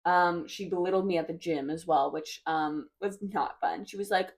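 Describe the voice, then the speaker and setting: A woman's voice: on the low side, normal speed. A woman in her twenties talking casually to her viewers, rambling and hesitant, often trailing off with "I don't know.". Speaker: vlogger. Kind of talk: casual confessional chat.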